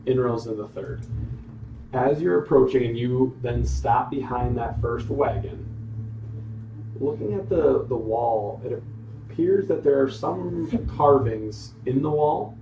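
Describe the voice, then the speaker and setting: Gravelly-voiced man narrating as game master. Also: medium pitch, lo-fi sound, slight background noise. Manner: unhurried descriptive narration, calling for dice checks. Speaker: dungeon master. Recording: roomy sound from a distant mic.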